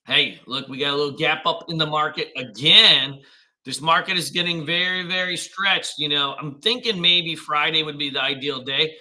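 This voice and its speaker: A man's voice: a little high, normal speed, pushed and bright, low-quality recording. A man hosting a live trading stream, greeting viewers with upbeat slang and walking through charts in casual commentary.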